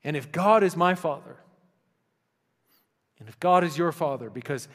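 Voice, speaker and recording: A man preaching a sermon in a conversational style, often dropping to soft, intimate tones. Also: fairly high pitch. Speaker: pastor. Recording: long reverb of a large hall.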